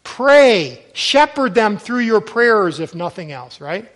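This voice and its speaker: A man's voice: sits high, very animated, a little slow, fairly bright tone. A middle-aged man preaching a sermon to fathers, earnest and exhorting, with frequent restarts. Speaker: pastor.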